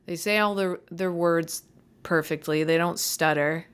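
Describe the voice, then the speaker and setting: Young woman, podcast host, rambling monologue, stumbles over words, irritable, cracking voice, lowish pitch. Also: fairly even intonation, measured pace, clear, resonant tone. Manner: stumbling, self-deprecating, easily irritated.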